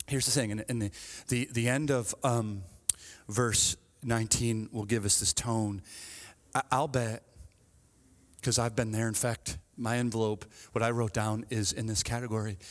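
A middle-aged male pastor preaching a sermon, telling stories with lively swings from hushed asides to fervent appeals, often tagging lines with "right?". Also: on the low side, in a large hall. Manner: frequent "right?" asides, repeats phrases.

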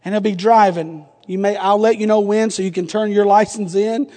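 A man in his forties, a pastor preaching a sermon, telling a humorous family story that builds into fervent, shouted appeals. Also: sits high, fairly even intonation, normal speed. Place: church sanctuary. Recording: long reverb of a church sanctuary.

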